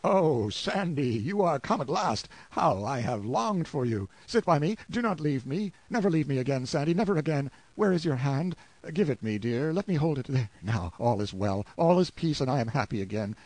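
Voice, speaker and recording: A man's voice: fairly high pitch, animated, normal speed, few pauses, a little mellow, dry recording. A man voicing a delirious dying man who speaks in broken, pleading, tender phrases. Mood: yearning.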